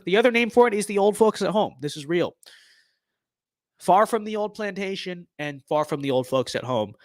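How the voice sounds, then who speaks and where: Young man, game streamer, playful mock-political banter, lively swooping pitch, dry close sound. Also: no room sound. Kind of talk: casual gameplay commentary.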